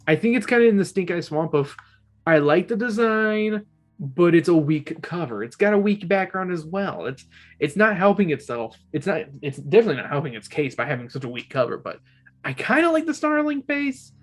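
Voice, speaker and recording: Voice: mid-range voice, very animated, normal speed. A book club host giving a casual, opinionated video review, rambling and often restarting sentences.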